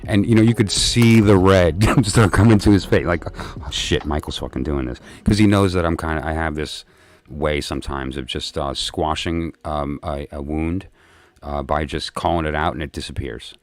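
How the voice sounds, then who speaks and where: A man's voice: very deep voice, steady tone, normal speed. A tired man hosting a livestream, telling a story to his viewers in a chatty, rambling way with lots of fillers and restarts.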